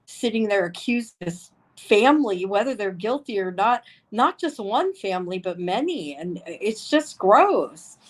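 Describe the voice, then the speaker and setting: Over faint wind chimes, a woman livestreams a heated, profane rant, repeating herself over and over. Her mid-range voice is expressive, measured in pace with few pauses, and the recording quality is low.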